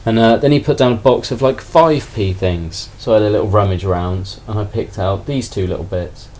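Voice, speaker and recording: Low-voiced rambling man. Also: brisk. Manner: relaxed, rambling, self-deprecating. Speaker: toy collector vlogger. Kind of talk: casual haul video chat.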